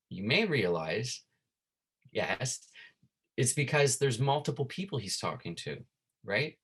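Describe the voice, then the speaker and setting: A man teaching a Latin class online, who reads Latin lines slowly and ends nearly every phrase with "right?". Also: mid-range voice, sing-song, a bit bright, breathy edge. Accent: Canadian. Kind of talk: online lesson.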